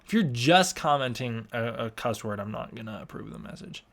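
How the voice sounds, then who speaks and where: Young adult male streamer, casual home chat, reads comments aloud haltingly, mid pitch. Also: expressive, vocal fry, a bit bright. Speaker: livestream host answering chat questions.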